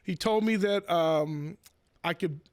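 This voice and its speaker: A man, a professional sports bettor, telling casual stories with swearing, restarts and loud acted-out quotes. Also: high-pitched, takes it slowly, no room sound, studio quality. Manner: animated, repeats words, swears, acts out quotes in raised voice. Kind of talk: casual storytelling.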